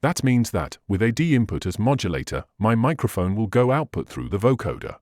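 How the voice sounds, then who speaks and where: Low-voiced man explaining synth settings. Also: big pitch swings, brisk, darkish tone, no echo, studio quality. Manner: patient step-by-step explaining, slightly non-native phrasing. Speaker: synthesizer tutorial host. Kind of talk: instructional screen walkthrough.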